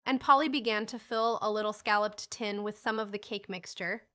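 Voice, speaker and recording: A woman narrating an audiobook of a classic story in an expressive, lively reading. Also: medium pitch, normal speed. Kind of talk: scripted narration.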